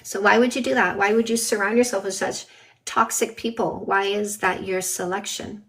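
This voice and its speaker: A woman's voice: medium pitch, steady tone, normal speed, a bit bright. A woman dating coach from Canada, chatting casually on a livestream from her backyard garden and bluntly mocking trolls. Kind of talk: casual live-stream chat. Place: outdoors in a backyard garden with a patio.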